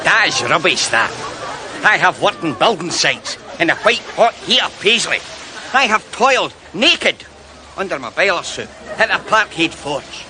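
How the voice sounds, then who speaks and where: A man's voice: high-pitched, very animated, moderate pace, crowd noise, noisy background. An actor playing a boastful working man in a sitcom. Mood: swaggering. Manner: swaggering, boastful. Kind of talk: sitcom acting.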